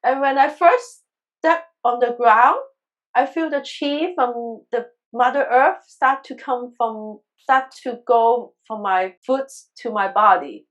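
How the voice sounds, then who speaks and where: A woman's voice: fairly high pitch, takes it slowly, fairly bright tone, highs cut off. A woman guest telling a personal story in a conversational interview, earnest and emotional, often restarting her sentences. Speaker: guest, crystal healer.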